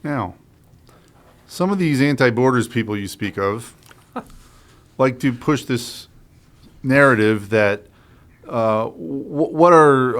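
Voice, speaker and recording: A man's voice: fairly low pitch, smooth. Wry, conversational male host. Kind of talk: casual talk-show discussion.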